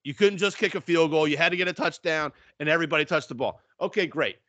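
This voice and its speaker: A man co-hosting a podcast, chatting casually and profanely about football with animated storytelling. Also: on the high side, fast, no room sound, dull audio. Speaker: podcast co-host. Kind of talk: casual sports chat.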